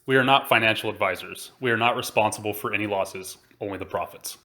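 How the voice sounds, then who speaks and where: Fast, bright-voiced man reading a disclaimer. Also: fairly low pitch. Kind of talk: quick disclaimer read.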